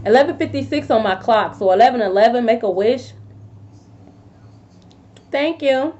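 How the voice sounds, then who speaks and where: High-voiced blunt woman tarot reader. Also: lively intonation, moderate pace, muffled recording. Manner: blunt, profane, with sudden loud outbursts. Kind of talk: casual tarot reading to viewers.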